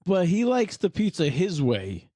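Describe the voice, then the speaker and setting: A man's voice: high-pitched, wildly swooping pitch, measured pace, dark tone, dry recording. A man hosting a podcast in casual chat, blunt, laid-back and profane. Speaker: podcast host.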